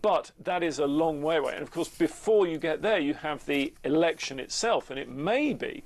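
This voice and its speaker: A man speaking as a polling analyst guest, measured and speculative, with hesitant restarts. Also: a little high, expressive. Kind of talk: expert interview.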